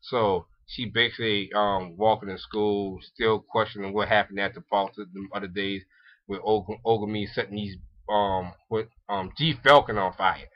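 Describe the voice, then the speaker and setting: A man's voice: lowish voice, fairly even intonation, moderate pace. A young man casually recapping an anime episode in a rambling way, with lots of ums, restarts and frequent laughs. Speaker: anime reviewer. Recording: dull lo-fi recording.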